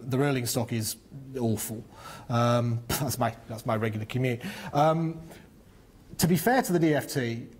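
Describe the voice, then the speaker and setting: A man's voice: mid-range voice, darkish tone. A middle-aged man from northern England, speaking at a panel discussion, fluent but full of ums and restarts. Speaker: panel speaker on business and infrastructure. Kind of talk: explaining at a public discussion.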